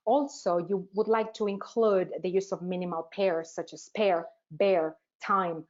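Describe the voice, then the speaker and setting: A woman teacher trainer presenting a webinar, asking rhetorical questions and pausing often with "uh" fillers. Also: fairly low pitch, fairly even intonation. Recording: dull, lo-fi webinar audio.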